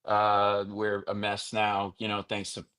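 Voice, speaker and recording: A man from New England, a comedian guest telling quick jokes and stories and laughing at his own lines. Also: on the low side, completely flat delivery, bright, forceful tone, clean tone. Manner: rapid joking storytelling, laughs at own lines. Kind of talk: casual talk show chat.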